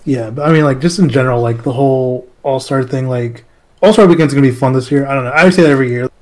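A man's voice: medium pitch, fast, a little mellow. Casting: man with a mid voice, casual and joking, heavy on fillers. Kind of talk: casual chat.

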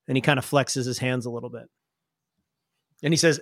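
A man narrating a tabletop role-playing game as game master, relaxed and rambling. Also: medium pitch, fairly quick, long pauses, no room sound, studio quality.

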